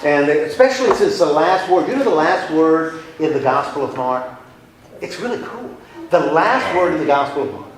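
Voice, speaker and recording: A man with a somewhat high, animated voice speaks at a normal pace over a faint hiss or hum. He leads a casual Bible class in a chatty, playful style, acting out little scenes for the class in an echoey room.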